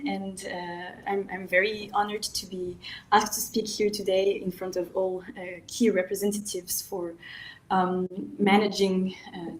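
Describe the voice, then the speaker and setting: A woman with a French accent addresses an audience at a public event, halting often with fillers and restarts. She speaks in her second language at a medium pitch. The sound is reverberant, as if picked up in a roomy hall. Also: a little mellow, a little hiss or hum. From France. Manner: hesitant, with many fillers and restarts. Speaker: development agency project manager. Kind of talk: formal speech at a public event.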